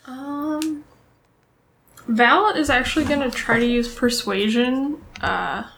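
A woman with a slightly high voice plays a tabletop game, speaking very slowly and haltingly. Faint noise runs behind her voice. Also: a bit bright. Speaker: player. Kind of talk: casual tabletop play.

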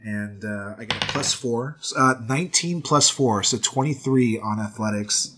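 A man playing a tabletop game, deliberately calling out his dice rolls. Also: mid-range voice. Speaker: player. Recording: noisy background hiss.

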